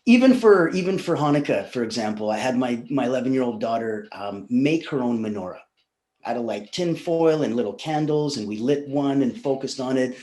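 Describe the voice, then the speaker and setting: A man's voice: medium pitch, expressive, a little fast, dark tone. Chatty man in a roomy echo. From Russia, raised in Canada. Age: 40s. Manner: chatty storyteller, laughs often. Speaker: podcast guest. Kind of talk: casual interview chat.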